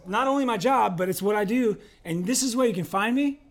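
A man with a high voice preaches to his church in a relaxed, chatty manner. He jokes with the congregation and slips into little acted voices to make his point. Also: fairly quick. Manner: conversational, humorous, acts out voices in quotes. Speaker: pastor. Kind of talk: sermon.

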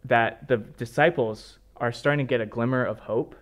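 A man's voice: medium pitch, steady tone, moderate pace. A man with a mid-range voice shares a conversational sermon as co-pastor. He recounts the story and affirms his partner's points.

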